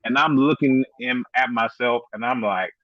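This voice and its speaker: A middle-aged man, a podcast guest, telling his story in a casual, animated way, filling it with "you know" and acted-out quotes. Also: mid-range voice, moderate pace, no room sound, highs cut off.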